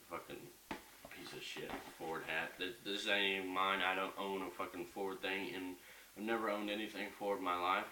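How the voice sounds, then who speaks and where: A young man ranting in a casual home vlog, heated and profane, rambling as he goes. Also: sits low. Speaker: vlogger. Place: bedroom at home. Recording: echoey room, mic at a distance, faint hiss.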